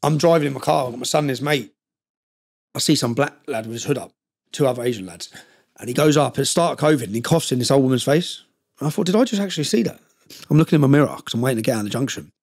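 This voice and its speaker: A man's voice: medium pitch, rapid-fire, darkish tone, slightly rough. A middle-aged man telling personal stories as a podcast guest, emotional and blunt, swearing often. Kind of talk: candid personal storytelling.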